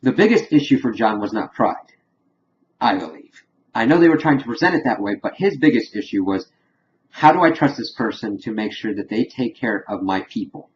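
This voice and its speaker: A man's voice: on the low side, expressive, normal speed, dull audio. A man giving a casual spoken review, rambling through scene recaps with lots of filler words. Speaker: TV show reviewer.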